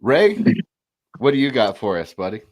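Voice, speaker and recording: Deep michigan host guy, friendly, dry mic. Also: normal speed, a bit bright, dry recording. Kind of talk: casual chat.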